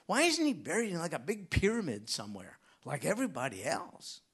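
A man's voice: wildly swooping pitch, brisk, husky, full character voice. A man voicing a curious young child who peppers his parents with questions. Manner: high, wondering questions.

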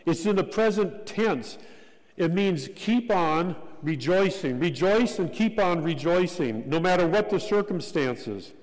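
A man preaching a sermon as pastor, measured and deliberate, repeating key phrases for emphasis. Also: high voice, expressive. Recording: long hall reverb.

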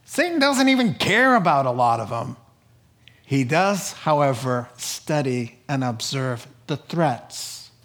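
A male pastor preaching a sermon, lively, with small chuckles as he acts out quoted voices. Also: medium pitch, slow pace.

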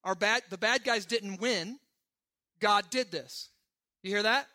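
Bright, high-voiced preaching man. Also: lively intonation, normal speed, long pauses. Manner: emphatic, conversational preaching with frequent "right?" asides. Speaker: pastor. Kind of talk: sermon.

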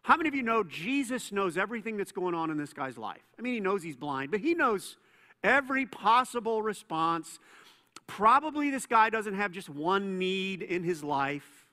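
A man preaching a sermon as a pastor, conversational and playful, telling stories with quick asides. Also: sits high, sing-song, pushed and bright. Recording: long reverb in a church hall.

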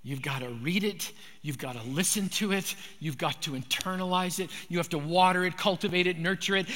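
A man's voice: high voice, a bit bright, long reverb tail. A man pastor delivering a sermon with an emphatic, repetitive preaching cadence.

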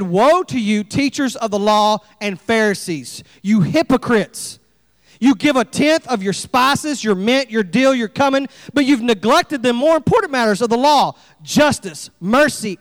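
A pastor preaching a sermon, folksy and animated, acting out little scenes. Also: male voice, extremely high pitch, big-room sound. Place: church sanctuary.

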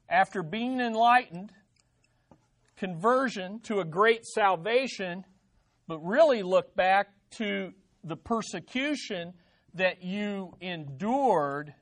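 Pastor preaching, loud then hushed, throws rhetorical questions at the listeners. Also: medium pitch. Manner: emphatic preaching with big swings between loud and hushed. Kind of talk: expository sermon.

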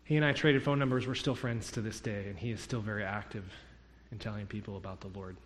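A man's voice: on the low side, steady tone, fast talker. A man preaching a sermon, telling a story and acting out the dialogue in it. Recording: long hall reverb.

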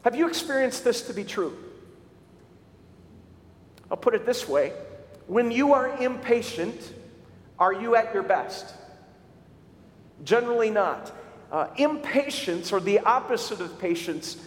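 A male pastor preaching a sermon, telling stories with animated shouts for emphasis. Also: sits high, a little slow, long pauses. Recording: echoey hall recording.

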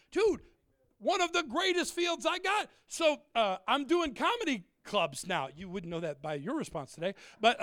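A middle-aged man preaching a humorous sermon, animated and joking, swinging from shouts to quiet asides. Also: very high-pitched, no room sound, clean studio sound. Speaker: pastor.

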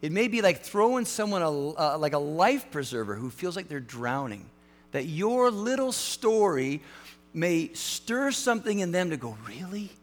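A male pastor giving a sermon in a casual, animated way, with frequent restarts and fillers. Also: fairly high pitch, moderate pace. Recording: hall reverb, mains hum.

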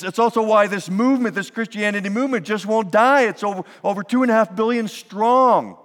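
Animated preacher man in a reverberant hall. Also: on the high side. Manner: animated, building to emphatic peaks. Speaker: pastor. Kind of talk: sermon. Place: church sanctuary.

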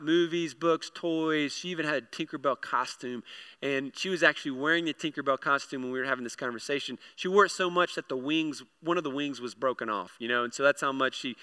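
Bright-voiced man preaching a sermon. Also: a little high, clean tone. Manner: storytelling, many restarts and repeated words. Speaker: pastor. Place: church hall with congregation.

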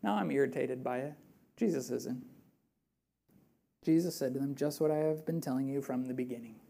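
Woman preacher, conversational sermon, warm dark tone, hushed for emphasis. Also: rumbling low, moderate pace, gravelly. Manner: animated and conversational, with rhetorical questions; drops to a hushed, earnest voice for emphasis.

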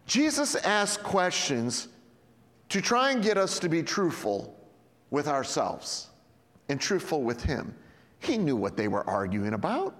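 A male pastor preaching a sermon in a church hall, animated and swinging between loud and hushed. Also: fairly high pitch, a little slow. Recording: echoey hall with long reverb.

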